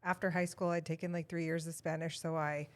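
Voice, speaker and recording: A woman's voice: low-pitched, flat delivery, brisk. A woman co-hosting a casual podcast, easygoing and teasing as she tells a story. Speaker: podcast co-host.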